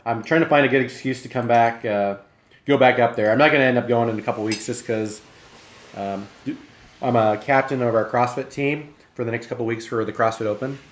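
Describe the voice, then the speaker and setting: A man's voice: mid-range voice, fairly even intonation, fairly quick. A young man rambles on in a friendly way to his live-stream viewers. He talks with a mid-range voice, sometimes with his mouth full. The sound is echoey, as if from a bare home kitchen. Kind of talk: casual live-stream chat.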